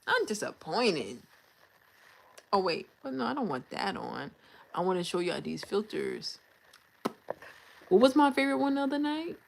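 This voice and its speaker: A young livestream host with a fairly low, gravelly voice chats casually on stream, speaking frankly and venting in a relaxed, conversational manner.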